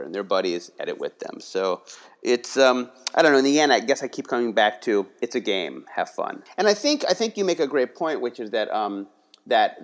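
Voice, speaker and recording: A man from the Philadelphia area talking casually in an interview, rambling with many restarts and tags like "you know" and "right". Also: medium pitch. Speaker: guest, writing workshop leader.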